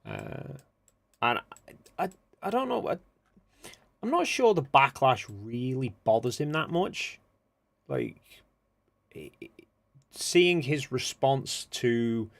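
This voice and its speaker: A man hosting a casual livestream, muttering quietly to himself as he works, then speaking up to address his viewers. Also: medium pitch, sing-song, slow, vocal fry, pauses often. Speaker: livestream host. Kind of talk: casual livestream chat, thinking aloud.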